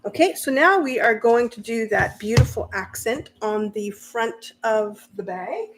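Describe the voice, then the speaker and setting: A woman's voice: fairly high pitch, animated, unhurried, slight background noise. A woman hosting a casual live sewing stream, chatting and laughing easily as she answers viewer comments while she works. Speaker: sewing channel host.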